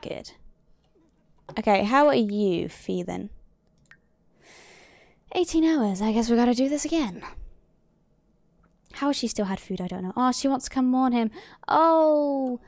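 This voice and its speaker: A woman's voice: fairly high pitch, gravelly, mellow, no echo. A woman streamer giving casual gameplay commentary, chatty and muttering to herself with mild swearing. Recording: dry sound with faint music behind.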